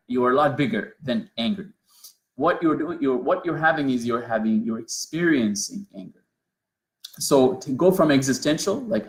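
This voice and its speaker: A man gives an earnest mindfulness lesson, walking through each step. He often restarts his sentences and repeats key phrases as he explains. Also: medium pitch. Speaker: teacher.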